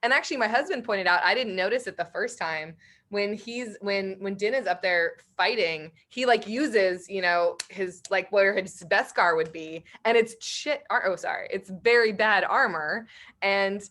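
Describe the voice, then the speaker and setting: A woman co-hosts a relaxed chat in a crisp, bright voice. She talks freely, laughs often and keeps turning to the others with "right?". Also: mid-range voice, normal speed. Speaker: podcast co-host. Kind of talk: casual chat.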